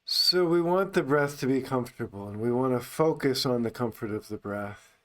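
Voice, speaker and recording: A man teaching meditation in an unscripted talk, speaking calmly and unhurriedly, only on the out-breath. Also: medium pitch, normal speed.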